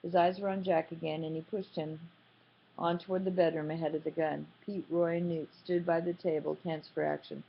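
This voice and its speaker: Low, gravelly woman reading a novel aloud. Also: flat delivery, normal speed. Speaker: audiobook narrator. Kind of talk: scripted narration. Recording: slightly muffled, dull audio.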